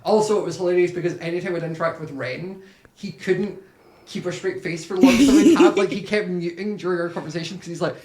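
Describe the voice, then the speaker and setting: A man's voice: high voice, animated, fast, crowd noise. A young man from Scotland with a Scottish accent, chatting casually as a podcast guest and rambling with lots of filler words.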